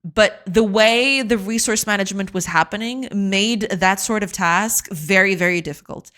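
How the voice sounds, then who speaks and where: A woman game developer streaming live, chatting casually, explaining her work slowly and often restarting mid-sentence. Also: medium pitch, fairly bright tone. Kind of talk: casual livestream chat.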